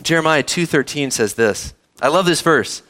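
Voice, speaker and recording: A man's voice: fairly high pitch, moderate pace. A man preaching a sermon, reading verses and asking the congregation questions, speaking to kids too. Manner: animated preaching, asks the audience questions, addresses kids. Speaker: pastor.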